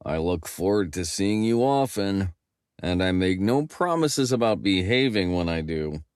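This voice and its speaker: A man's voice: deep voice, expressive, measured pace, smooth, no room sound. Man voicing a smug demon-spawn guy, suave, teasing, audiobook, dry sound. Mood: flirting. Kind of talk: audiobook character voice.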